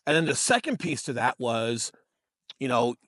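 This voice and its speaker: This man's medium-pitched voice has a sing-song lilt, a moderate pace and a fairly bright tone, recorded at studio quality with no echo. He's in his thirties, a podcast co-host and real estate agent, telling stories casually with profanity and calling listeners bro and dude.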